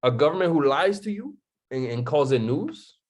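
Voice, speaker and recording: A man's voice: on the high side, sing-song, normal speed, darkish tone. A young man giving a motivational talk on a live stream, firing off rhetorical questions, repeating his points and asking "right?" to the chat.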